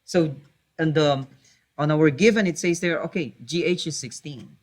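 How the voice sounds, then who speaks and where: A man's voice: a little high, normal speed. A man teaching a math lesson, hesitating with many fillers, correcting himself and patiently repeating key points.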